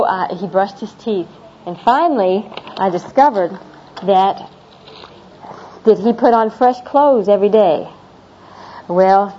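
A middle-aged woman with a medium-pitched, dark-toned voice talks to a class of international students about American everyday customs. She is chatty and a bit rambling, repeating herself and laughing at her own stories. The classroom recording is dull and lo-fi with faint noise.

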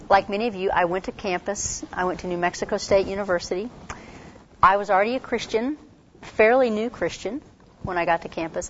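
A woman with a congested voice giving a casual workshop talk on campus ministry, chatty and quick, full of fillers and restarts. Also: on the low side, slight background noise. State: congested from a cold. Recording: dull lo-fi recording.

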